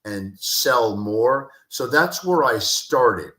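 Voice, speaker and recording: A man's voice: mid-range voice, lively intonation, extremely slow, sharp tone. Passionate man talking in an echoey room. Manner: passionate, repeats key phrases for emphasis. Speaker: guest, communication expert and speaker. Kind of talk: animated interview talk with acted-out anecdotes.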